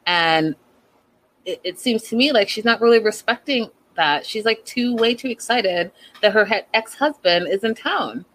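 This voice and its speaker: A woman recapping a reality show in casual, gossipy commentary, animated and incredulous. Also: on the high side, moderate pace, slight background noise, rough recording.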